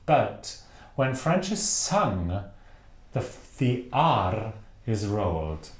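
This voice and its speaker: A man's voice: fairly low pitch, very animated, extremely slow, echoey room. A man from Wales teaching operatic singing technique, speaking with precise enunciation and demonstrating vowel sounds aloud. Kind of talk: instructional talk to camera.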